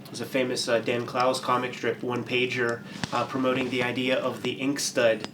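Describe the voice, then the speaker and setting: A man's voice: mid-range voice, completely flat delivery, normal speed, a bit bright, a little hiss or hum. A man co-hosting a casual interview, laughing often and chiming in. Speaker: podcast co-host.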